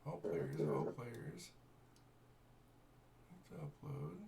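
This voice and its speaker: A man acting as game master, guiding players through an online tabletop session and muttering to himself while he sorts out glitchy software. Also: deep voice, wildly swooping pitch, extremely slow, vocal fry.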